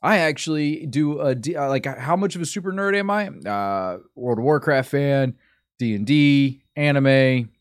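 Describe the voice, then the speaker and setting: A man chatting casually on a stream in a middle-pitched voice. He rambles, breaks off mid-sentence and wanders onto side topics. The sound is dry and close, with no room echo. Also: measured pace. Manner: rambling, sidetracked, self-interrupting. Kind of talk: casual chat.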